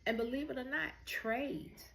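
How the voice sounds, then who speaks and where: A woman's voice: high-pitched, moderate pace, gravelly, a bit bright. Earnest woman host giving encouragement. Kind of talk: motivational talk to viewers.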